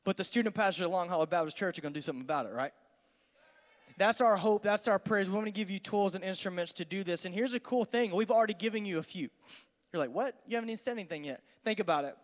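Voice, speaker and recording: A man, a student pastor giving an energetic, conversational youth sermon in a large church hall. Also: high voice, fast talker. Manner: energetic, conversational, acts out dialogues. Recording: long hall reverb.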